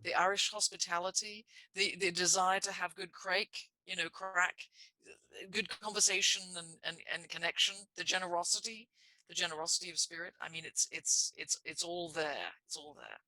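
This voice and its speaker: A man talking things through in a church discussion, his voice very bright and edged. He circles his points with restarts and fillers, heard close and dry with no room sound. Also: sits high, dry recording, low-quality recording. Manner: halting, restarts phrases, many "you know" and "I mean". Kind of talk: reflective conversational discussion.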